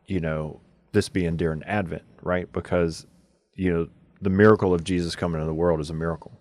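A man's voice: low voice, fairly even intonation, fairly quick, a little mellow, no room sound. A man hosting a casual Catholic radio talk show, rambling with lots of fillers and asking "right?". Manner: loose, filler-heavy, keeps asking "right?". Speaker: host.

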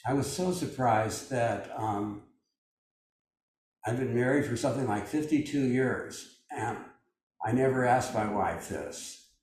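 Speaking a little slowly in a mid-range, slightly mellow voice, an older man leads meditation over a video call. He rambles in a musing way with many fillers, and the very echoey room and distant mic color the sound.

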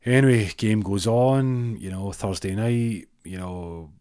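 A man's voice: on the low side, takes it slowly, mellow, smooth, dry recording, studio quality. A man telling a funny story in a rambling way, full of fillers and restarts. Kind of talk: comic storytelling.

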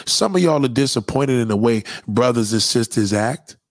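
A man's voice: mid-range voice, expressive, moderate pace, no echo. A man delivering a profane, preachy rant straight at his audience. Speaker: commentator. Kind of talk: impassioned monologue rant.

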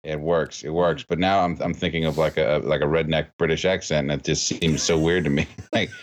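A man's voice: rumbling low, steady tone, fairly quick. A man chatting casually on a podcast, joking wryly and swearing. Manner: joking, wry, profane.

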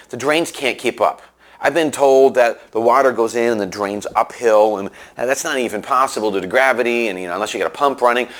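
Man, preacher, conversational sermon, animated storytelling, mid-range pitch.

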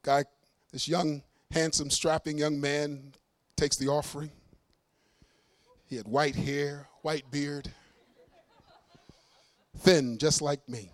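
A middle-aged man preaches a testimony as a lively storyteller, slipping into the voices of the people in his tale and poking fun at himself. His voice sits fairly high for a man. The sound is dry and close, with no room echo. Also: takes it slowly, long pauses. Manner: lively storyteller, acts out dialogue, self-mocking humor. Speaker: preacher and singer giving a testimony.

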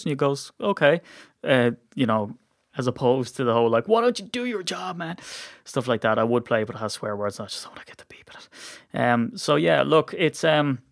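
A mid-range, slightly bright voice with an Irish accent belongs to a sports podcast host chatting casually, rambling with many fillers and self-deprecating remarks. The sound is clean studio, free of room sound.

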